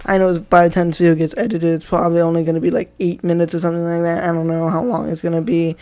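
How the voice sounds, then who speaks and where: A man's voice: on the high side, monotone, fast, a little mellow, smooth. A young man giving a comedic rant commentary, swearing and sarcastic throughout. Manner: profane, sarcastic ranting. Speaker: YouTuber.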